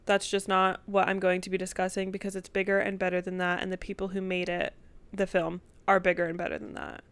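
A young woman co-hosting a podcast, chatting earnestly and walking through points in a measured way. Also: fairly low pitch, completely flat delivery, fairly bright tone, clear, resonant tone. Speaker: podcast co-host. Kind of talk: casual chat.

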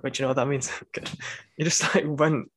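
A man's voice: mid-range voice, level tone, fast, slightly rough, no room sound. A young man, a university student, telling a rambling story in casual chat, full of fillers and restarts.

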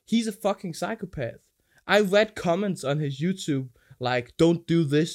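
A man talking in a loose, rambling way, mixing crude stories with preaching about forgiveness. His voice sits a little high for a man. He acts out other people's voices as he goes. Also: moderate pace. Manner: crude, preachy, digressive storytelling; animated, acts out quoted voices. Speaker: podcast guest, older brother. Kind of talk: casual rambling chat.

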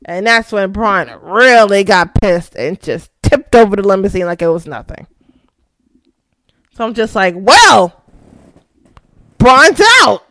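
A young woman hosting a casual recap show, excitable, laughing often and swearing freely. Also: mid-range voice, unhurried, dry recording. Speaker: podcast host.

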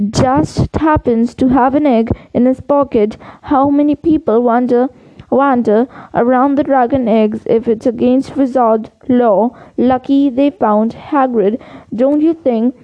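A woman's voice: high voice, no echo. A woman reading the lines of an anxious, insistent teenage boy wizard, on a dull lo-fi recording.

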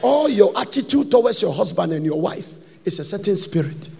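Pastor, high gravelly voice, animated preaching with shouted bursts, long reverb of a church hall. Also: male voice, a little fast. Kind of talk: sermon.

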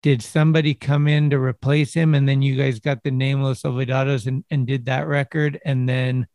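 A man's voice: mid-range voice, flat delivery, normal speed, darkish tone, dry recording, clean studio sound. A man interviewing a guest, reacting briefly and asking eager clarifying questions. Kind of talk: casual interview.

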